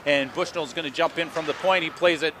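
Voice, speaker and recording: Bright-voiced male hockey play-by-play caller. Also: fairly high pitch, steady tone, slight background noise. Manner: rapid running call, dry joking asides. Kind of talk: play-by-play sports commentary.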